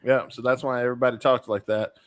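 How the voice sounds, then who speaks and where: A man's voice: mid-range voice, flat delivery, fast. A man co-hosting a podcast in casual chat, explaining things at length and often repeating himself. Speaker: podcast co-host.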